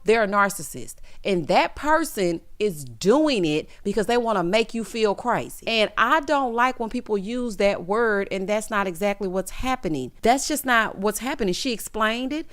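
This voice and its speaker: A young adult woman giving a blunt, sassy recap of a reality show, talking straight to the people on screen. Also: mid-range voice. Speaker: recap commentator.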